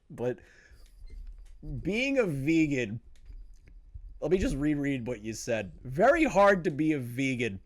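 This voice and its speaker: A young man hosting a reaction commentary, profane and incredulous, often breaking into disbelieving laughter. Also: medium pitch. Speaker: commentary channel host.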